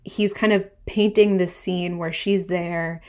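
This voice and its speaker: A woman co-hosting a podcast, chatting casually about a book and retelling its plot in a lively, animated way. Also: fairly low pitch, slow. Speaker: podcast co-host.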